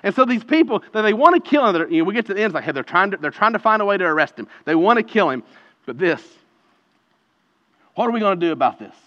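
A man with a bright, slightly high voice preaches an earnest, conversational sermon. He drops to hushed tones, then rises to loud emphasis. The sound is dull and lo-fi, with long church-hall reverb. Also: big pitch swings, rapid-fire. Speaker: pastor. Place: church sanctuary.

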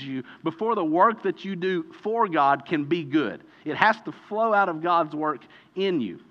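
Animated man preaching in an echoey hall. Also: on the high side. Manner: animated, emphatic preaching with dramatic slowdowns. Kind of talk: sermon. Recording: dull reverberant hall recording.

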